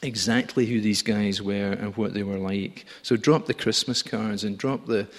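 A man gives a sermon from the pulpit in a relaxed, storytelling way, with touches of dry humour. His voice sits low. Long reverb from the church hall trails behind each phrase. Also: normal speed. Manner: conversational, gently humorous storytelling. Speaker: preacher.

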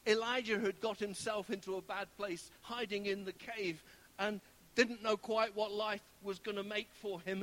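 A man preaching a sermon, telling a story with animated shifts and sometimes dropping to a hushed whisper. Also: sits high.

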